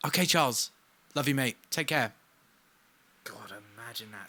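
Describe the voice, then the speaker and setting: A young man, a singer-songwriter chatting casually on a live stream during a recording session, self-mocking with soft muttered asides. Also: medium pitch, normal speed, no room sound.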